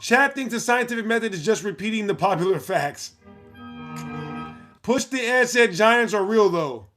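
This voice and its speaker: A man's voice: high-pitched, lively intonation, over music. A man hosting a live stream, reading viewer comments aloud with playful asides and frequent laughter. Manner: playful, breaks into laughter, quick asides to chat. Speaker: livestream host.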